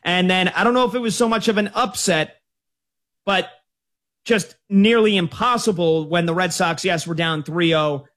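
A man hosting a sports talk radio show, chatting about games and taking calls in a casual, lively way. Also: sits high, normal speed. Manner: conversational, lively storytelling.

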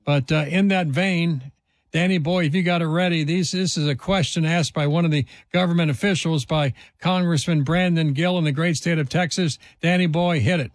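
A man's voice: fairly high pitch, steady tone, normal speed, no echo. A man hosting a talk radio show, delivering an indignant, emphatic monologue full of rhetorical questions.

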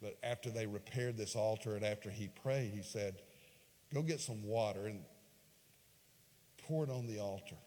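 A man preaching a sermon, retelling a scripture story dramatically, swinging from hushed lines to loud, raised ones. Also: on the low side, normal speed, pauses often. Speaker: pastor. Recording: long hall reverb.

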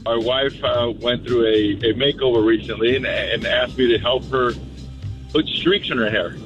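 A man calls in to a radio show and tells a story calmly and earnestly, often pausing and restarting. His pitch sits in the middle. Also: dull audio, faint music behind. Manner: calm, earnest, halting. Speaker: caller, mortician.

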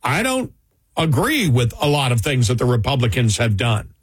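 A man discussing politics on a talk show in a heated, indignant manner, with a husky voice. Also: mid-range voice, very animated, normal speed, dry recording.

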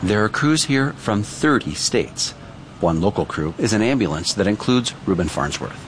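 Male reporter, low voice, calm narration over clear ambient noise. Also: normal speed. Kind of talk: scripted news feature.

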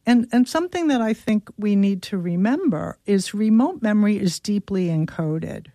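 A woman physician guest explaining memory with analogies, slowing down for emphasis. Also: mid-range voice, expressive, dark tone, no echo, clean studio sound. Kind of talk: explanatory conversation.

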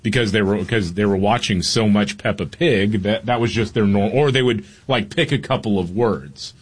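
A man with a low, husky voice offers his take in a casual talk-show chat. He weighs his words, then speeds through his point. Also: moderate pace.

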